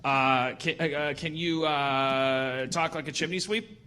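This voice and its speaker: A man in his forties hosting a comedy podcast, riffing in halting, rambling chat full of restarts. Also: fairly high pitch. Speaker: podcast host.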